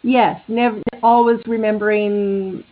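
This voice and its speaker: A woman's voice: medium pitch, fairly even intonation, measured pace, slight background noise. A woman taking part in a workshop call, speaking tentatively and giving thanks. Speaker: workshop participant. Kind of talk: question on a group call. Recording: phone-like call audio.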